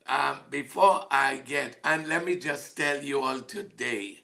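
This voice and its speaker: Male ministry host, unhurried delivery with a gravelly edge; chatty and hesitant, addresses listeners by name. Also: mid-range voice, pushed and bright. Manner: hesitant, many fillers, greets listeners by name, laughs heartily. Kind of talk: casual devotional broadcast chat. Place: home studio room.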